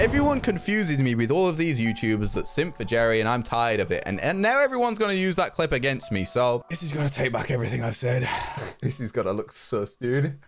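A young man from England, a gaming YouTuber giving excitable, joking commentary to his chat. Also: mid-range voice. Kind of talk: casual gameplay commentary.

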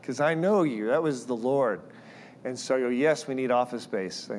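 Animated male preacher telling stories. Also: medium pitch, moderate pace, slight background noise. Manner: animated, acts out quoted voices. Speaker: guest speaker. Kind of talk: sermon with personal storytelling.

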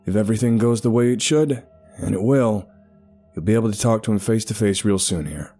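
A man playing an experienced cave rescuer who talks in a brisk, impatient way. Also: fairly low pitch, warm tone, faint music behind, voice pushed up, lightly acted. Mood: urgent.

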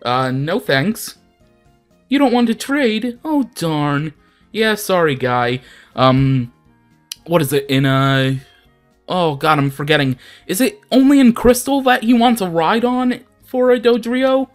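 A man's voice: high-pitched, slow, soft background music. A young man hosting a casual let's play, chatty, rambling and self-deprecating. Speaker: gaming channel host.

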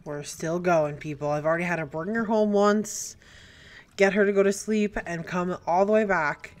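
A young woman giving let's play commentary, chatty and prone to excited squeals and gasps. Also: on the low side, normal speed. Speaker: gaming YouTuber. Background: faint game music.

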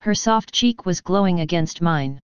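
A woman narrating an audiobook in a measured, even storytelling manner, recorded close to the mic. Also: fairly low pitch, clear, resonant tone, no echo, dull audio.

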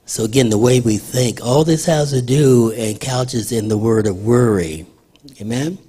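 A man's voice: lowish voice, a little slow, dark tone, slightly rough. An older man preaching a sermon in church in a conversational way, asking the congregation questions. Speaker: pastor.

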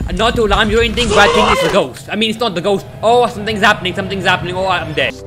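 A man giving excitable gameplay commentary as a gaming video creator, often yelling and joking. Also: high voice, rapid-fire. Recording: music playing behind.

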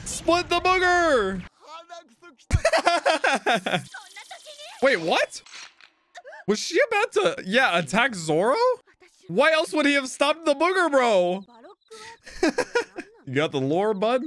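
Excitable man reacting loudly to anime. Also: sits high. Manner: excitable, laughs often, shouts at the screen. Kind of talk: casual reaction commentary.

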